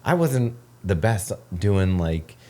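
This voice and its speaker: A man in his forties, co-hosting a podcast, telling stories in an animated way with plenty of laughs. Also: low-pitched, slow. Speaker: podcast co-host. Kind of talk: casual chat.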